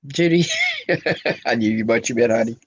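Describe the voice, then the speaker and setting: A woman's voice: a bass voice, moderate pace, a little mellow, husky, dry recording, dull audio. A woman on an online panel, chatting casually, laughing often, and calling the others "hon". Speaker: panel member.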